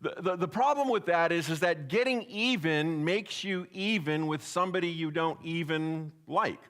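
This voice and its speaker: A man's voice: fairly high pitch, fairly bright tone. A man, a pastor, preaching a sermon in a church in a folksy, joking way, speaking straight to the congregation. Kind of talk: sermon with jokes. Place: church sanctuary.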